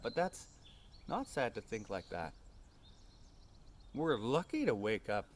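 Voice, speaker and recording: A man telling a personal story in a calm, unhurried way, often ending lines with a tag question. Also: medium pitch.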